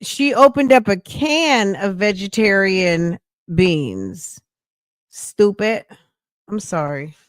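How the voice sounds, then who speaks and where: A woman's voice: medium pitch, expressive, slow pace, no echo, studio quality. Blunt, mocking woman streamer. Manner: blunt, mocking, talks back at the clip. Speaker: reaction streamer host. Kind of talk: casual reaction commentary.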